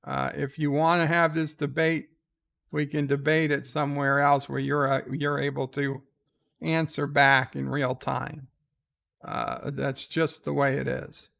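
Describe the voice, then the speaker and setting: Slow gravelly-voiced man hosting a stream. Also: medium pitch. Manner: rambling, wry, deadpan asides. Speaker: livestream host. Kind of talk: casual chat, reading viewer letters.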